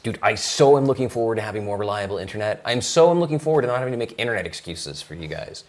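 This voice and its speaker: A man's voice: lowish voice, lively intonation, rapid-fire, heavy background noise. A man chatting on a live stream, joking and playful, often mocking himself. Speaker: artist and guest of a live stream. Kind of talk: casual live stream chat.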